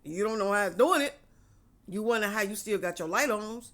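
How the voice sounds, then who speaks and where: A woman with a mid-pitched voice speaks straight to her listeners in a relaxed, conversational way. She preaches encouragement about faith and circles back to the same phrases again and again. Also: brisk. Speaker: faith vlogger. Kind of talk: casual spoken encouragement.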